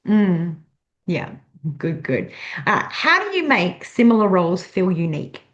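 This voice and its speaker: Female interviewer, chatty and affirming, lowish voice, dull recording. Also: very animated, unhurried. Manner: warm-up chatter, affirming fillers, filler-heavy questions. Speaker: interviewer host. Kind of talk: casual interview chat.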